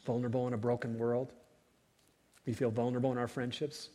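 Husky preaching man in a reverberant hall. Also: medium pitch, flat delivery, brisk. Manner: dynamic preaching, swells loud then drops to whispers. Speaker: pastor. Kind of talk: sermon.

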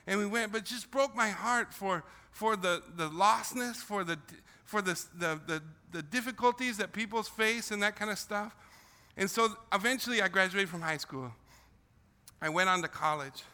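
An older man, raised in the Philippines, shares his missionary story with students in an earnest, repetitive way, often circling back over his words. His voice sits high and sounds very bright and forceful. The sound carries a long reverb from a large hall. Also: normal speed. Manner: emotional, repetitive storytelling with restarts. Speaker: missionary speaker. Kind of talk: testimony talk to students.

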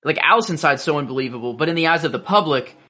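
Podcast co-host, animated casual recap chat, lively pitch. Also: very fast. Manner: animated, says "like" and "you know" often.

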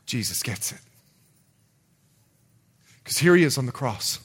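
A man preaching a sermon as pastor, swinging from loud calls to hushed low lines. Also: expressive, unhurried, breathy edge. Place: church.

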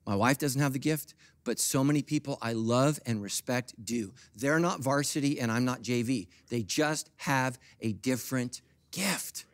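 A middle-aged pastor preaches a sermon at normal speed, moving between quiet, confiding asides and loud, high-pitched bursts. The recording is dry.

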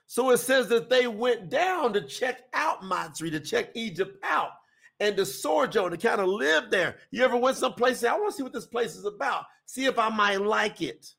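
A man's voice: extremely high pitch, gravelly, a bit bright. A man teaching scripture on a podcast in a conversational, emphatic way, often repeating phrases. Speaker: podcast preacher.

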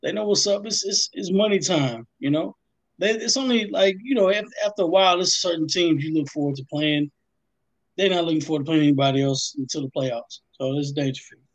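Guy, high voice, animated, jokey banter. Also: a little fast, poor audio. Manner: animated, joking. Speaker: podcast panelist. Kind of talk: casual sports chat.

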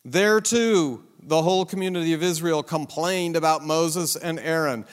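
A man's voice: on the high side, moderate pace, few pauses. Emphatic male Bible teacher, echoey hall. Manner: conversational, emphatic, with rhetorical questions and asides. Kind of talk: Bible survey lesson.

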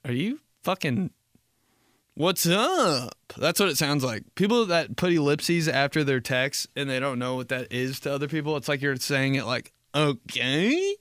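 A man's voice: mid-range voice, fairly quick, few pauses, fairly bright tone, clear, resonant tone, no room sound, studio quality. A young man hosting a podcast, ranting comically in a profane, exasperated way. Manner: profane, exasperated, jumps into acted voices. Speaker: podcast host. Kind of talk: comedic rant.

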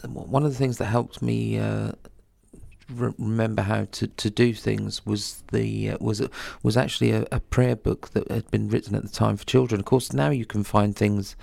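Man, co-presenter, very gravelly voice, halting speech, dry studio sound. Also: lowish voice, level tone, a little mellow, no room sound. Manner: halting, repeats words while recalling. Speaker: radio co-presenter. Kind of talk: community radio talk show. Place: radio studio.

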